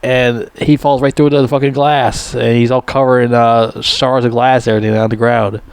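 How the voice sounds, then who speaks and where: A man's voice: mid-range voice, little pitch movement, moderate pace, smooth, no room sound. A man giving a rambling, profanity-laced casual movie review, with lots of restarts and sudden emphatic rises.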